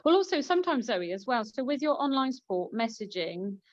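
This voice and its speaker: A woman's voice: fairly high pitch, sing-song, fairly quick, no room sound. A woman hosting an online panel chat, a midwife telling a story in a chatty way with many fillers. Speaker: host and midwife. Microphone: video call. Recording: dull, slightly lo-fi call audio.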